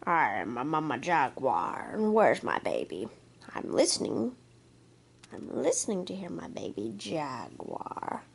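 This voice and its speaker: A woman voicing a mother jaguar who speaks in a low, hushed, half-whispered voice while searching for her cub. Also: big pitch swings, takes it slowly, vocal fry, slight background noise, heavily acted.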